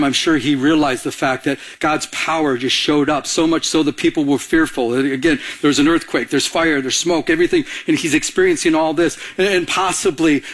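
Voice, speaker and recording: A man preaching a sermon as pastor, animated and quoting scripture with acted-out voices. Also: on the high side.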